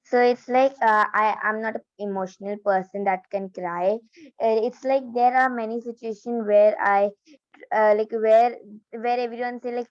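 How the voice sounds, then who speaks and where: A woman's voice: a little high, fairly even intonation, moderate pace, dry recording, muffled recording. A young woman student giving a hesitant spoken answer in an online class, full of fillers and restarts.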